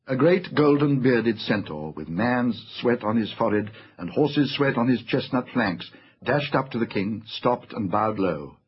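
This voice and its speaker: Male audiobook narrator, lively theatrical reading, slightly muffled sound, faint music beneath. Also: mid-range voice, measured pace, slightly rough. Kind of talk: scripted storybook narration.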